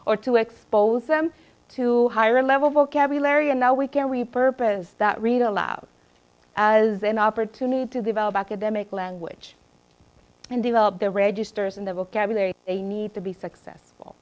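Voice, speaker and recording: A middle-aged woman educator speaking to a room of teachers in a slightly higher voice. She tells classroom anecdotes with lively energy, acting out the people she quotes. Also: moderate pace. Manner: lively storyteller who acts out quoted voices. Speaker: educator presenting at a teacher training. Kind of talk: presentation to teachers.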